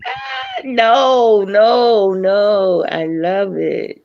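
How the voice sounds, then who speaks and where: A woman hosts a casual live online chat, speaking very slowly, and her pitch rises and falls in a lively way. She laughs easily and gushes over her guests. Her voice comes through a dull, lo-fi call line. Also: creaky. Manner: slow, laughing, animated.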